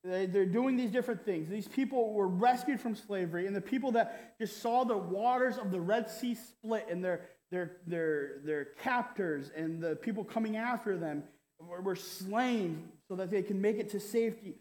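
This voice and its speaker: A male pastor delivering a sermon in an animated, conversational way, peppering it with "right?" asides and mock quotes. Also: high voice, moderate pace. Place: church hall. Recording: roomy hall with long reverb.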